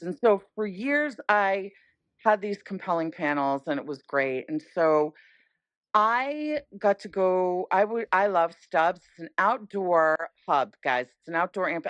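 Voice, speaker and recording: A middle-aged woman tells a story on a podcast, excited and acting out the people she quotes. Her voice sits a little low. The recording is close and dry, with no room sound. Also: a little slow, dry recording, dull audio. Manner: animated, acts out quoted voices. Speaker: podcast guest. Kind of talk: casual storytelling chat.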